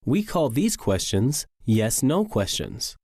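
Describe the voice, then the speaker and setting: Lively-pitched man reading a lesson. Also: slow, no room sound, clean studio sound. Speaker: English teacher. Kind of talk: scripted lesson narration.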